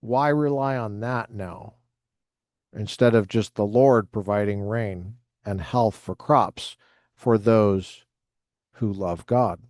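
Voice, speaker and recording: A man's voice: on the low side, takes it slowly, darkish tone, no echo, clean studio sound. Man reading aloud with wry asides. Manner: reads passages with joking asides. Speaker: lecturer reading from a history book.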